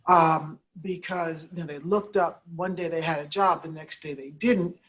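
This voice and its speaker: A woman who heads a nonprofit hosts a conversational interview in a low, steady voice at normal speed. She rambles, with many fillers and restarts. The sound is dull and lo-fi.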